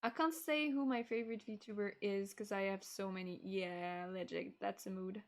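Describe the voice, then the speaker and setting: A woman's voice: medium pitch, steady tone, normal speed. A woman VTuber hosting a casual stream, bubbly and scattered, laughing often while fiddling with her stream setup.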